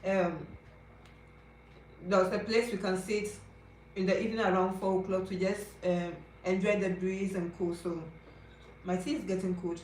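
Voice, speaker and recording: A woman's voice: mid-range voice, level tone, moderate pace, long pauses, darkish tone, slight background noise. A young woman in her twenties with a Ghanaian English accent, telling her personal story to camera in a confiding, chatty way and checking in with her viewers. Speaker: vlogger. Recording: roomy echo, faint ambience.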